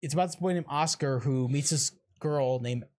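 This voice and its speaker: A man co-hosting a casual horror podcast, excitable, swearing freely and trailing off into fillers. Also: fairly high pitch, normal speed. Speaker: podcast co-host. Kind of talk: casual chat.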